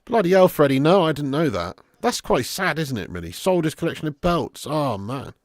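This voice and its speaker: A man hosts a live football watch-along, chatting casually with viewers and swearing freely. His fairly high voice swings widely in pitch at a normal speed, and the recording is dry and studio quality.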